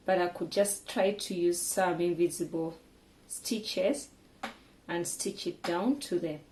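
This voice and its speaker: A woman's voice: medium pitch, darkish tone, a little hiss or hum. A woman teaching a sewing project step by step in a casual way, often restarting and correcting her words as she works. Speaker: sewing tutor.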